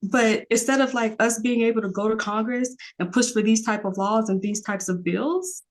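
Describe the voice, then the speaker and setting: A woman's voice: a little high, normal speed. A woman, a podcast guest talking earnestly in a rambling casual way, with many fillers.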